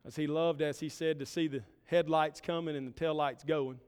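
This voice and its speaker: A man's voice: on the high side, fairly even intonation, normal speed, darkish tone, smooth. Earnest male pastor preaching in reverb. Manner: earnest, building emphatic short phrases. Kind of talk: sermon. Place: church sanctuary. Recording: long reverb of a church hall.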